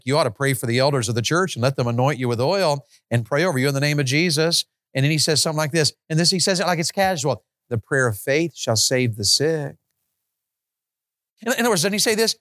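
A man preaching a sermon, peppering the congregation with rhetorical questions and swinging from loud, high exclamations to low, quiet stretches. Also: no echo, studio quality.

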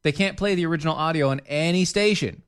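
A man co-hosting a casual podcast chat, animated and jokey, jumping up in pitch for emphasis. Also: quick pace, smooth. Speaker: podcast co-host.

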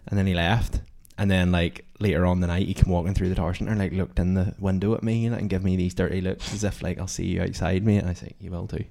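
Young man, deep voice, casual storytelling, loose and rambling. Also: little pitch movement, quick pace, creaky, hardly any pauses, dark tone. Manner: rambling, lots of "like" fillers.

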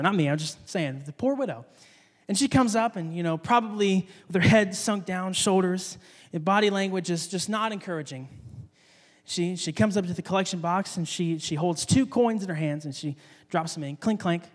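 High-voiced man preaching in a hall. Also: moderate pace. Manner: conversational, repeats words, acts out quoted voices. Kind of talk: casual sermon.

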